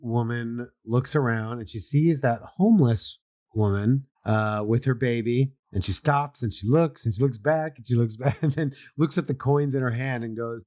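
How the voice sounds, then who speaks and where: A man co-hosting a casual podcast, walking through a TV episode's plot. He tells it with animation, dropping into quick put-on voices for the characters. His pitch sits in the middle, and the sound is dry and close with no room echo. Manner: animated storyteller, acts out lines in put-on voices. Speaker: podcast co-host. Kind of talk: casual chat recapping a TV episode.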